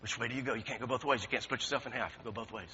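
A pastor preaching a sermon, swinging from quiet talk to shouting and repeating his words. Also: medium pitch, rapid-fire, slight background noise. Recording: dull lo-fi recording.

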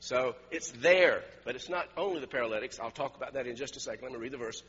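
A man's voice: mid-range voice, fast, fairly bright tone, slightly rough, long reverb tail, muffled recording. A man preaching a sermon, telling stories with frequent chuckles and repeated words. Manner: storytelling, laughs often, repeats words. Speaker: pastor.

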